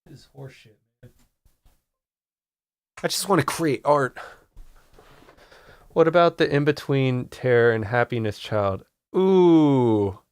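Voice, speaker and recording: A man's voice: medium pitch, lively intonation, measured pace, pauses often, dry recording. A man hosting a casual comedic art tutorial, rambling and mock-serious, swearing in frustration at his equipment.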